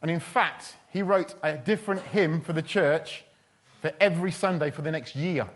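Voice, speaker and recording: A man's voice: a little high, normal speed. A man preaching a sermon in a chatty, humorous storytelling way. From England. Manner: chatty, humorous, with quoted voices.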